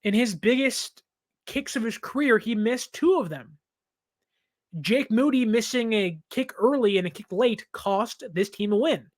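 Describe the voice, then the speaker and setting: A man's voice: very high-pitched, expressive, measured pace. A man in his twenties hosting a sports reaction show, talking in an emphatic, impassioned way and laughing now and then. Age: 20s.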